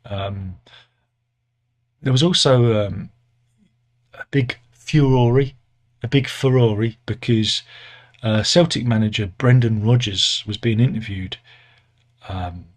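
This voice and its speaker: A man's voice: on the low side, takes it slowly, pauses often. Sardonic rambling British man. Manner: rambling, sardonic, self-correcting with many fillers. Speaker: satirical news commentator. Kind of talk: casual satirical monologue.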